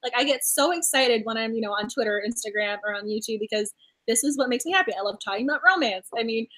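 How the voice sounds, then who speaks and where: A young woman hosts a casual book club discussion with a very high voice. She talks at a rapid clip, gushing effusively and laughing often between thoughts. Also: animated, fairly bright tone. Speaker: booktuber host.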